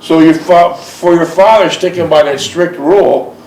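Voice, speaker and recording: A man hosting the show, reading a memoir aloud in a steady voice and asking an older guest friendly, prompting questions. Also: fairly high pitch, normal speed. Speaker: interviewer and host. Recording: roomy, distant mic.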